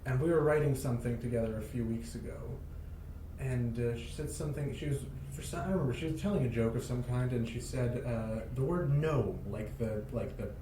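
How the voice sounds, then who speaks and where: A man's voice: mid-range voice, fairly quick, reverberant, background noise. A young American man hosting a podcast, chatting casually with dry, joking asides. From United States. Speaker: podcast host. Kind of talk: casual chat.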